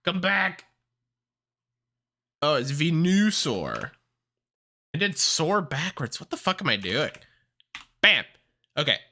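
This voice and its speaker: A streamer ranking characters in casual livestream commentary, excitable and heavily profane, swinging between ranting and laughing. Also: mid-range voice, a little slow, pauses often.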